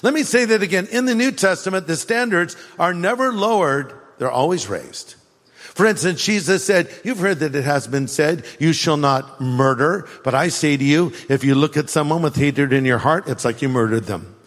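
An older man preaches a sermon in a fairly high voice. He moves between animated storytelling, wry sarcasm and firm repetition. His words ring out with a long reverb, as if he is recorded in a large hall. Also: normal speed. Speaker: pastor.

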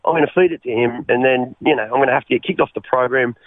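An Australian man telling his life story as an interview guest, halting and repeating his words, often calling the host mate. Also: medium pitch, no echo. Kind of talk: personal testimony in an interview. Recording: phone-like narrow line.

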